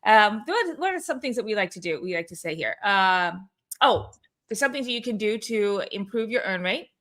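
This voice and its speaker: A woman's voice: mid-range voice, lively intonation, moderate pace, a bit bright. A woman hosting a weekly company call in a casual, upbeat, chatty way, with many fillers and restarts. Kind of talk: casual livestream chat.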